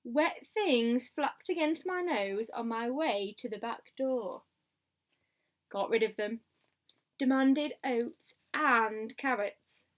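A woman reading a picture book aloud, in a steady diary style with asides to the listener. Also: fairly high pitch, slow. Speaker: storybook reader.

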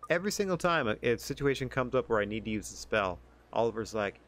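A man's voice: mid-range voice, fast talker, few pauses, fairly bright tone. A man streaming a game, making sarcastic, joking asides while reading the dialogue aloud. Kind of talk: gameplay commentary. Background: game music.

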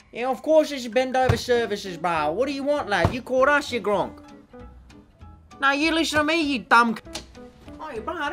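A man's voice: very high-pitched, fairly bright tone, full character voice. A man playing a brash, crude young male eshay slacker at an office job, with a slangy Australian accent and a swaggering, mouthy delivery. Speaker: office worker. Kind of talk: comedy sketch acting.

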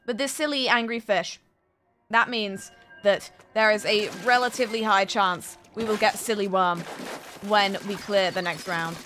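A woman's voice: mid-range voice, fairly bright tone, rough recording. Woman, gameplay streamer, playful, giggly, foul-mouthed, game music behind. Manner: playful, giggly, swears often. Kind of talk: casual gameplay commentary.

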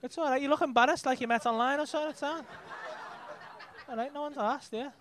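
Cheeky high-pitched Liverpool comedian. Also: male voice, fast talker, a bit bright, slight background noise. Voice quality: brash, sweary banter, teasing the crowd. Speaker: stand-up comedian. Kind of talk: stand-up crowd work. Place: comedy club stage.

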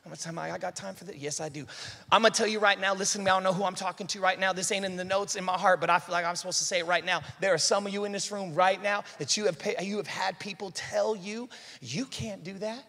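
A man's voice: high voice, steady tone, quick pace, gravelly, sharp tone. A male pastor preaching a sermon, exhorting the congregation in a fervent, conversational way that builds to emphatic peaks. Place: church hall. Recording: live sermon in a reverberant church hall.

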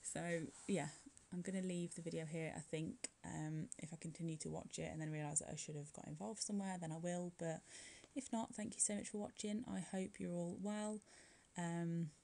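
Woman rambling over her nail tutorial, kinda low warm voice, laughs a lot, says like constantly. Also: steady tone, normal speed, gravelly. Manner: chatty, rambling, frequent light laughs and "like" fillers. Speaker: nail art vlogger. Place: at home, curling her hair while recording.

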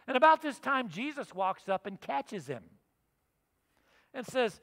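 Animated pastor with a bright, high voice. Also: male voice, unhurried. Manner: animated storytelling, acting out quotes. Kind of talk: sermon. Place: church sanctuary. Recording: long reverb of a church hall.

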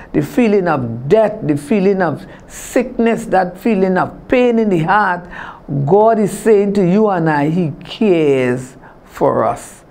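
A woman's voice: mid-range voice, dark tone. A middle-aged woman minister, preaching a televised sermon with a declaring, repetitive cadence. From Trinidad and Tobago.

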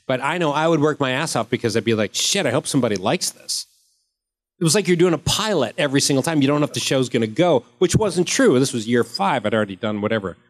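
A man in his fifties, an actor at a convention panel, answering fan questions with rambling, joking anecdotes. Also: medium pitch.

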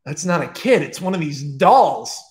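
A man's voice: on the high side, lively intonation, normal speed, roomy sound, close to an everyday voice. A man doing a curt, scolding slasher villain. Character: weary, sardonic male horror slasher, scolding.

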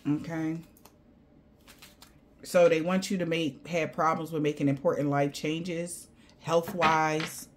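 A woman's voice: deep voice, little pitch movement, slow pace, long pauses, a little hiss or hum. A woman giving a casual tarot reading to viewers. She talks in loose slang, swears often and laughs between her asides. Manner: blunt and profane, loose slangy chatter. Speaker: tarot card reader.

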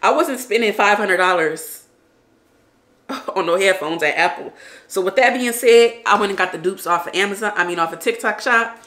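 A woman's voice: mid-range voice, moderate pace, fairly bright tone. A young woman vlogging to camera, emotional at first and then chatty and upbeat with her viewers. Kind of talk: emotional casual vlog talk to camera. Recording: echoey room.

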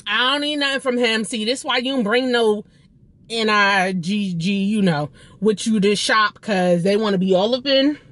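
A woman's voice: medium pitch, moderate pace, fairly bright tone, pitched above the performer's own voice, natural voice. A woman imitating a brash, sassy stranger, slangy and defensive. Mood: indignant. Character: brash loud woman, streetwise, annoyed.

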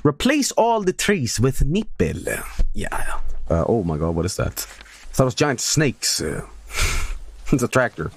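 Joking man with a lively voice. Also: medium pitch, a little slow, husky, no echo. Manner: joking, rambling, swearing. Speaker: streamer. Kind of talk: casual game commentary.

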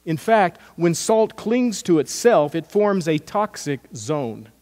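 A man preaching a sermon as pastor, telling a story with acted-out quotes in an earnest, animated way. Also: on the high side, slow. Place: church sanctuary. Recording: long church reverb.

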